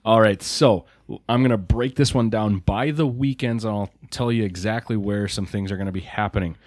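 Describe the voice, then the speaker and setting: A man's voice: lowish voice, moderate pace, darkish tone, no echo, clean studio sound. A man hosting a casual podcast, joking while reading out event dates and places. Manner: joking, reads lists of places. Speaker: podcast host.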